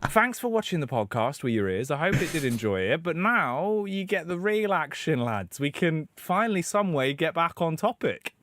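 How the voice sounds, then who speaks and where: A man's voice: a little high, normal speed, few pauses, no room sound. A man casting an esports event, bantering and joking between matches. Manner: jokey, animated, mimics voices. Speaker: esports caster.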